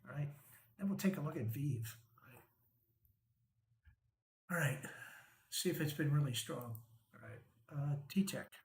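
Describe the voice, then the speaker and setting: With lively intonation and an unhurried, frequently pausing delivery, a man with a fairly high voice guides viewers through charts on his stock market show. He keeps asking "right?" and "okay?" and gives wry chuckles, recorded roughly in an echoey room.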